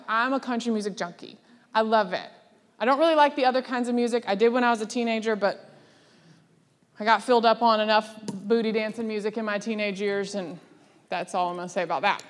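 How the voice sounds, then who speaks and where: Lively woman preaching in a hall. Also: fairly high pitch. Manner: lively, laughing, acts out quoted voices. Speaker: speaker. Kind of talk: sermon. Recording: long hall reverb.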